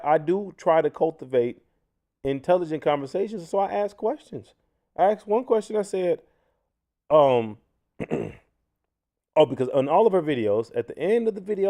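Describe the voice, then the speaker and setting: Male livestream host, mellow tone, animated delivery full of restarts, chatty. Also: a little high. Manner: animated, frequent restarts, addresses viewers as y'all. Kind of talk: casual commentary livestream.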